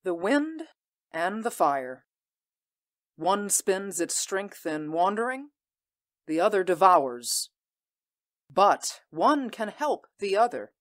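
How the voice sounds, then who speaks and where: A woman voicing a proud, ambitious warrior queen, speaking in an intense, measured and commanding way in an audio drama. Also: mid-range voice, sing-song. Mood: proud, fierce. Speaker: voice actor.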